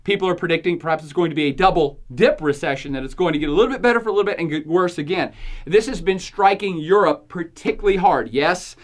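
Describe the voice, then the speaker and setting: A woman's voice: on the low side, quick pace. A woman hosting a podcast, giving opinionated commentary in a jokey, sarcastic way and laughing often between points. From United States. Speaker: podcast host.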